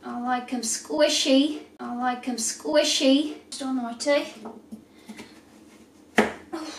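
A woman with a bright, high voice keeps up a casual, joking chat as she cooks, swearing now and then. She sounds a few steps from the camera, and her voice bounces around a hard, echoey kitchen. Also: takes it slowly, pauses often, distant mic, a little hiss or hum. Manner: chatty, self-mocking, swears casually. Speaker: home cooking vlogger. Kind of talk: casual cooking vlog chat. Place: home kitchen with boiling pots. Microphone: camera set back across the kitchen.

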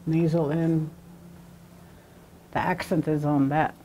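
Slow, patient woman teaching a class. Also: lowish voice, dark tone, muffled recording, slight background noise. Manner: slow, patient, repeats words for students. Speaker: language teacher. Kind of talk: classroom lesson.

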